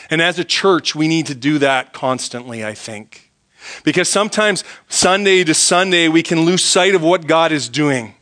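Male pastor, middle-aged, slightly high bright voice, earnest sermon delivery moving from fervent to hushed. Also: lively intonation, moderate pace. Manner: earnest, rising to fervent pleading prayers then dropping to quiet reflection.

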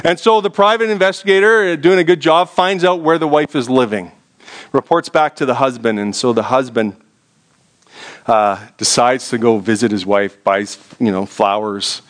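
A pastor delivering a sermon, telling a story in a hushed, low voice and then rising to an urgent, high preaching tone. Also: male voice, moderate pace.

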